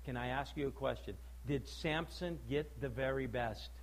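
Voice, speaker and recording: A male preacher giving a sermon, emphatic and full of rhetorical questions, swinging between loud declaiming and low, quiet stress. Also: normal speed, poor audio.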